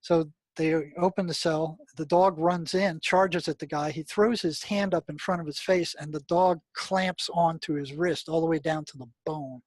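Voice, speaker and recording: Brief: older male interview guest, slightly high voice, dry close sound, emphatic with lots of fillers. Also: fairly even intonation, moderate pace, hardly any pauses, no room sound. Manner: emphatic storyteller, many "I mean" and "you know" fillers. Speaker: guest, retired mental health practitioner. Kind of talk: storytelling interview talk.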